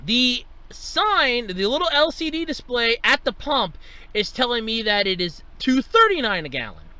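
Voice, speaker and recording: Bright, animated ranting podcast man. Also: very high voice, moderate pace, smooth, no room sound. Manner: exasperated storytelling, swearing, voice jumps up when quoting himself. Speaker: podcast host. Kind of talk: solo casual rant.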